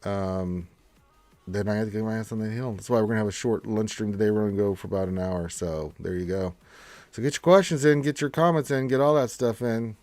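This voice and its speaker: A man's voice: fairly low pitch, a little fast, darkish tone, no echo, faint music behind. A man hosting a live game stream, congested from allergies, chatting in a laid-back, rambling way as he reads viewer comments.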